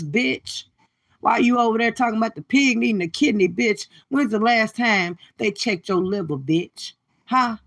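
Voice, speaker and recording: With a gravelly, mid-range voice, a female livestream host delivers sassy, profanity-laced trash talk directly to her audience during a casual reaction stream.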